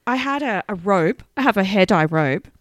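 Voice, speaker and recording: A woman co-hosting a podcast, telling an animated story in casual chat, swearing and laughing freely. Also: medium pitch, moderate pace, no room sound. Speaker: podcast co-host.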